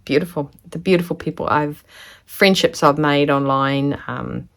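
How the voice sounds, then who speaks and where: A woman, chatting casually to camera as she unboxes a gift of fabric, gushing and sometimes dropping into soft whispers. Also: low voice, moderate pace. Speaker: sewing vlogger.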